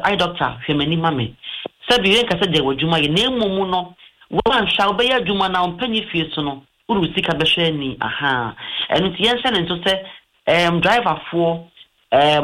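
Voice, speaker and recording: Man, Ghanaian accent, eye doctor guest, patient explainer, slightly high voice, bright tone. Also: rough recording. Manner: explanatory, mixes English terms into Twi. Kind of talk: health advice talk on radio or TV.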